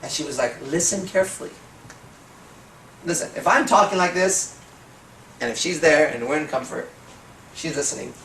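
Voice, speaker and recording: A man giving a seminar talk as a dating coach, telling stories, swearing, and slowing into hypnotic suggestion. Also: a little high, creaky, fairly bright tone, a little hiss or hum. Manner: profane, storytelling, slows into hypnotic suggestion. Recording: echoey room from far off.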